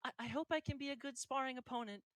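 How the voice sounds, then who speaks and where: A man's voice: very high-pitched, steady tone, fast talker, fairly bright tone, dry recording, studio quality, voice pushed up. A man voicing a shy, easily flustered young woman cleric who stammers nervously. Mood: polite. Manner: timid, stammering.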